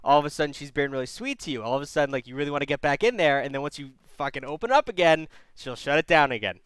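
Male call-in host, smooth clear voice, dry close sound, blunt and profane. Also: a little high, racing, no room sound. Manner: blunt, swearing, animated. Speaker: advice show host taking calls. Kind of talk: casual call-in advice.

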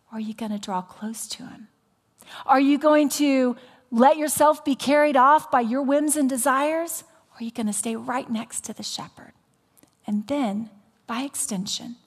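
A woman pastor preaching a sermon, telling a story with animation and dropping into soft, whispered appeals. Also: a little high, big-room sound. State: recovering from voice loss.

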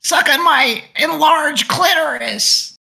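A cartoon housewife, pitched high and grinding with heavy fry. The voice is bright and edged, dragged out slowly in a crude, shouted impression. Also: male voice, exaggerated voice. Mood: crude shrill. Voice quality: gravelly, high and strained.

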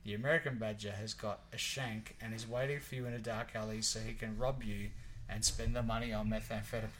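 Aussie guy late 40s, jokey rambling podcast chat, bright punchy voice. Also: medium pitch, fairly quick, slight background noise, rough recording. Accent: Australian. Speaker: podcast co-host. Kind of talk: casual chat.

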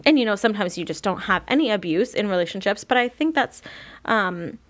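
A woman's voice: mid-range voice, lively intonation, fairly quick, fairly bright tone. A young woman hosting a podcast, talking candidly in a rambling personal monologue full of fillers and restarts. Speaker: podcast host.

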